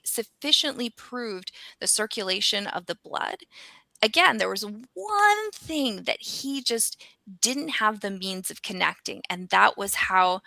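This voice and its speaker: American woman, gravelly, bright, animated casual chat, lots of ums, dry close sound. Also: medium pitch, no echo. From United States. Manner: animated, frequent ums and restarts. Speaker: scientist and regular guest.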